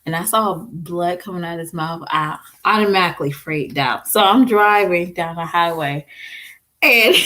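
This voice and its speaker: A woman in her thirties telling her viewers a story about her son, in a casual, animated way, laughing often and restarting words. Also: on the low side, normal speed. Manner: talks straight to viewers with slang and "y'all". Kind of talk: casual story time vlog.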